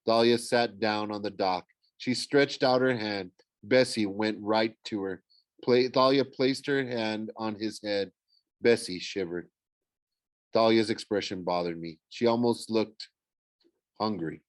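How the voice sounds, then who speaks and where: A man's voice: on the low side, measured pace, dry recording. A man narrating a novel in the first person, stumbling and correcting himself now and then. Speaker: audiobook reader.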